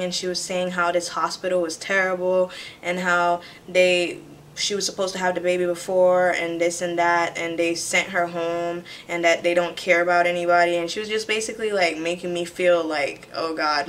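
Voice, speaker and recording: A young woman originally from Jamaica, casually telling a personal story to her camera in a chatty, animated way. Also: fairly low pitch, slight background noise. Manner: chatty, animated retelling with quoted voices. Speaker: vlogger. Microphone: camera mic.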